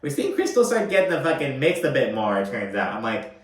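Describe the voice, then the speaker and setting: A man's voice: mid-range voice, very animated, fairly quick, distant mic. A man chats through a reality TV recap in a loose, gossipy way. He swears often and fills his talk with "like." His voice sits back from the mic in a roomy, echoing space. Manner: chatty, profane, full of "like" fillers. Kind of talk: casual commentary recap.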